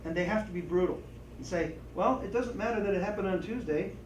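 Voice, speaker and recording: Lively high-voiced man teaching storytelling. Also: quick pace. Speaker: presenter and trainer. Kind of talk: training talk to a group. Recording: echoey room, distant mic, faint noise.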